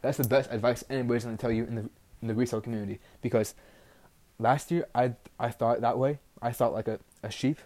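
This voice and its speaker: A man's voice: mid-range voice, steady tone, fast talker, darkish tone. A teenage boy hosting a casual solo podcast, rambling bluntly with constant "like" fillers and a frustrated edge. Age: teens. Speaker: podcast host.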